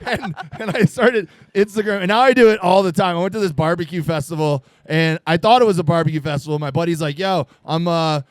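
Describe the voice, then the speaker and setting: A man's voice: high-pitched, fast, few pauses, dry recording. Rambling, laughing man from Florida. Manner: rambling, laughing storyteller with many fillers. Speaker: guest comedian. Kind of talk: casual storytelling chat. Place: live podcast taping at a venue.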